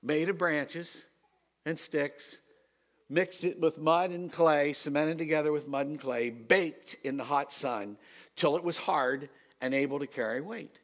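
A middle-aged man, a pastor, telling a story in a sermon and swinging from quiet asides to loud emphasis. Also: fairly high pitch, measured pace.

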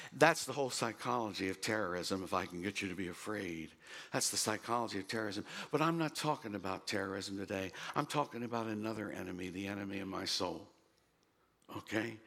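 An older man preaching a sermon, telling a story and singing bits of a gospel song, rising to loud bursts. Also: on the low side. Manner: storytelling, sings snatches of hymns, builds to loud bursts. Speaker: pastor.

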